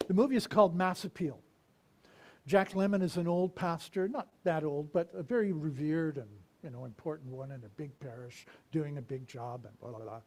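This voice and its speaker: Man preaching with soft whispered asides. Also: a little high. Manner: storytelling, dramatic swings from loud to whispered. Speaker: minister. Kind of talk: sermon.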